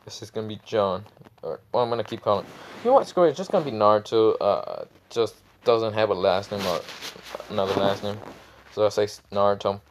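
A man's voice: fairly low pitch, a little fast. A man casually retelling a fan story in a rambling, irreverent way, full of fillers.

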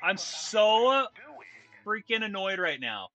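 A man's voice: high voice, very animated, slow, sharp tone. A man streaming a video game, venting his frustration and cursing casually as he plays. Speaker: gaming streamer. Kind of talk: casual gameplay commentary.

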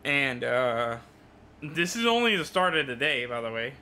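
A man's voice: medium pitch, very animated, moderate pace, sharp tone. A young man livestreaming, telling an exasperated, profane story about a rude customer in a casual rant full of fillers.

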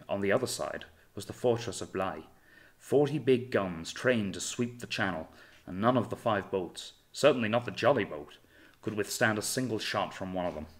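A man reading a novel aloud in measured, dramatic storytelling narration. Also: on the low side. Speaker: audiobook narrator. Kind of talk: scripted narration.

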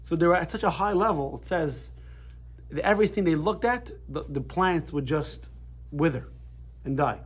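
Husky-voiced man teaching a casual Torah class. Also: fairly high pitch, normal speed. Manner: animated storytelling with frequent restarts.

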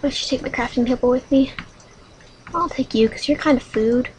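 A woman hosting a solo game video, chatting dramatically with sudden high squeals. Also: normal speed, a little mellow, a little hiss or hum, poor audio. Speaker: gaming channel host.

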